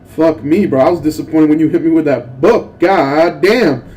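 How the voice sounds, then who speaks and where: Profane young man, mellow higher voice. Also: normal speed. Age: young adult. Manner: profane, animated storytelling rant. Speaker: mobile game channel host. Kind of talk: casual gaming commentary.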